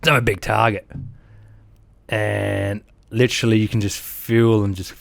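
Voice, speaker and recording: Unhurried and gravelly, with a fairly low pitch and no echo, this Australian-accented man in his thirties is an army veteran telling war stories in an interview. He acts out sounds and quotes animatedly and laughs along the way.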